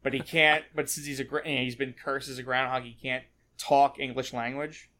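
A man co-hosting a casual film discussion, playful and quick to act out characters. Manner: playful, acts out characters in excited high voices. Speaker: podcast co-host.

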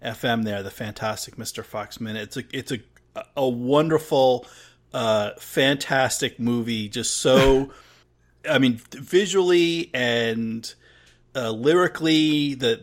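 A man hosting a podcast, talking casually with frequent stammered restarts. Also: medium pitch. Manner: halting, stammering restarts, friendly sign-off. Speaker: podcast host.

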